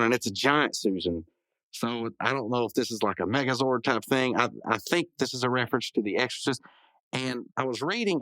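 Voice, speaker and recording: A man talks through an episode recap in a loose, meandering way, stopping to correct himself and tack on asides. His voice sits at an ordinary middle pitch. The sound is close and dry, with no room around it. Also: pushed and bright, no echo, poor audio. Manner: rambling, self-correcting, full of hedges and asides. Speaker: podcast host.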